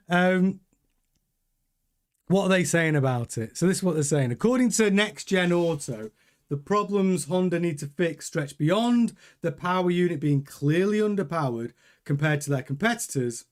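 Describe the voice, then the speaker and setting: A man hosting a racing news show with a high voice. He talks loosely and jokingly, often restarting his sentences as he goes. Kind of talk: casual news commentary with live chat.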